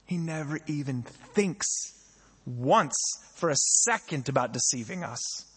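A man's voice: a little high, animated, a little slow, fairly bright tone, breathy edge, long reverb tail. A young man preaching a sermon as a pastor, talking in a conversational way and putting questions to the congregation. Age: young adult.

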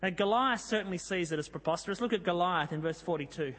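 A man with a high voice preaches in a church hall, where his words trail off in a long reverb. He tells the story in a lively way and reads scripture with drama. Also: quick pace. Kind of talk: sermon.

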